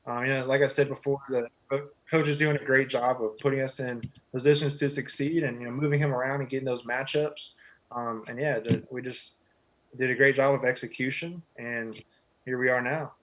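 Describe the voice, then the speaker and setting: This is a young man in his twenties from Texas, chatting as a guest. He sounds modest and relaxed and keeps reaching for "you know" between thoughts. His voice sits at an ordinary middle pitch for a man. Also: a little fast, rough recording. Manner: easygoing, humble, heavy on "you know" fillers. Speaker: guest, football quarterback. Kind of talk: casual interview answers.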